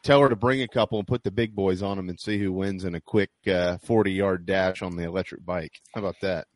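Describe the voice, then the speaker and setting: Chatty low-voiced sports radio host. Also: male voice, fairly even intonation, a little fast. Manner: chatty, salesy, folksy. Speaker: sports talk show host. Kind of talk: sports radio talk with live ad reads.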